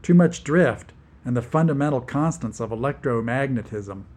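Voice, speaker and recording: A man voicing a gawky young woman physics enthusiast who speaks in a bright, flustered way. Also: mid-range voice, animated, moderate pace, natural voice.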